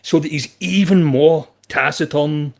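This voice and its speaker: A man's voice: fairly high pitch, unhurried. A man, a guest on a podcast, talking in a thoughtful, rambling way with many asides. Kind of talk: casual chat.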